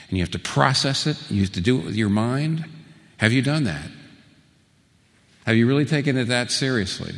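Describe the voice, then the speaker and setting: A man preaching a sermon, asking rhetorical questions and slowing down for emphasis. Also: medium pitch, big-room sound. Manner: rhetorical questions, slow emphatic phrasing, rising to lively peaks.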